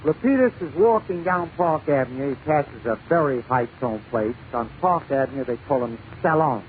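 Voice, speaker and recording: High-voiced 1940s radio comedian telling jokes. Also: male voice, expressive. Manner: punchy, brisk storytelling with dialect voices. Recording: tinny lo-fi 1940s radio broadcast with faint hiss.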